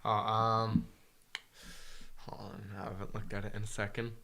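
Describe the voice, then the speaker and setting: Quiet laid-back young man off-mic. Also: lowish voice, monotone, moderate pace. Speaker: co-host. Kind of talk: casual chat.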